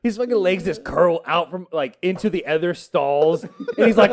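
A man's voice: high-pitched, expressive, moderate pace, hardly any pauses, a crowd in the background. A middle-aged man with a Texan accent tells a funny story among friends, laughing and acting out other people's lines. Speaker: podcast co-host.

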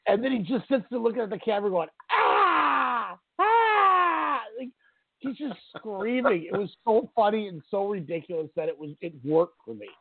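Gravelly man chatting over a tinny line. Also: high voice, brisk, no echo. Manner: enthusiastic, animated storytelling with acted-out quotes. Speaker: podcast co-host. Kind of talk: casual wrestling podcast chat. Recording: tinny phone-like audio, dry.

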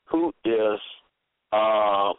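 A man teaching from scripture in a slow, deliberate way, reading out verse after verse and restating each one. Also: on the low side, animated, clean tone, dry recording. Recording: tinny phone-line sound, dry.

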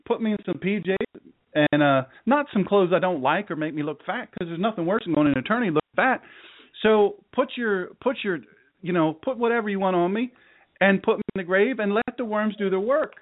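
A man's voice: high-pitched, a little fast, phone-quality sound. A man preaching a sermon to a live audience, folksy and joking, rambling through stories between laughs. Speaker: pastor.

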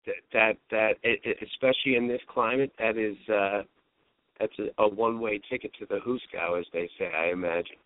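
Stammering laid-back host on a phone line. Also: male voice, lowish voice, fairly even intonation, brisk, dry recording. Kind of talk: call-in radio talk. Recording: dry tinny phone line.

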